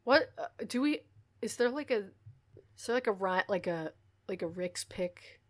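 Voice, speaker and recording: A woman's voice: mid-range voice, animated, moderate pace. A woman co-hosting a podcast in casual chat, laughing often, swearing and filling gaps with um and like. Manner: laughing, swearing, lots of fillers. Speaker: podcast co-host. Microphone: podcast mic.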